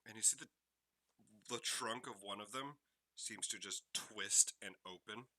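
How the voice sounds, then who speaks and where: A man runs a tabletop role-playing game as its game master. His voice is very bright and keen, set a little low. He paces his scene narration slowly and carefully. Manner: slow, measured scene-setting narration.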